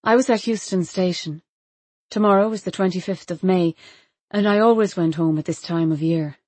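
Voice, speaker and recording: A woman reading a first-person story aloud in a quiet, intimate, measured way. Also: fairly low pitch, no echo. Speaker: audiobook narrator. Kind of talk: first-person literary narration.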